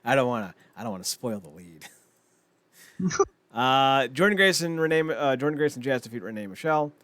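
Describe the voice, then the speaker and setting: Rambling, excitable young man, dry sound. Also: mid-range voice, fairly quick, no room sound. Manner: rambling and excitable, laughs often, many fillers. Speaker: podcast co-host. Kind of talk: casual wrestling chat.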